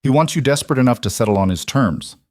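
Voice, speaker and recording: A man voicing a blunt, seasoned woman lawyer who lays out warnings in a brisk, firm way in an audio story. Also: medium pitch, animated, dry recording, clean studio sound, natural voice.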